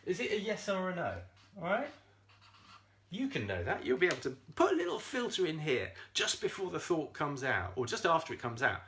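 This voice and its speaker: A man coaching viewers on a live stream, animated and talking straight to them, swearing freely and laughing often. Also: on the high side, fairly quick. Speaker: self-esteem coach.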